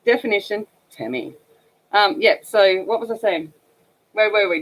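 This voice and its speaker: A woman's voice: mid-range voice, animated, normal speed, a bit bright. Scratchy-voiced Australian woman chatting. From northern Australia. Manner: rambling storyteller with many fillers. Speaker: livestream coloring host. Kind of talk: casual chat while coloring.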